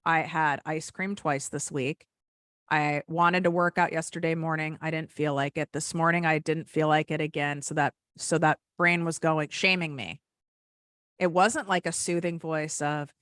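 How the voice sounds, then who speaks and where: Podcast guest, woman, middle-aged, lower-pitched and forceful, lively storytelling. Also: measured pace, no echo, studio quality. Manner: earnest, animated, acts out inner voices. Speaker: podcast guest, business coach. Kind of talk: conversational interview.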